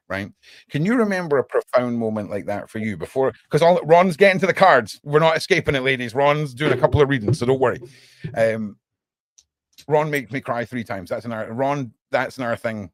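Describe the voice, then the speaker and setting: A man's voice: mid-range voice, no room sound. Chatty man hosting a livestream. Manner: animated, chatty, says "right?" often. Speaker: podcast host. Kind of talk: casual livestream chat.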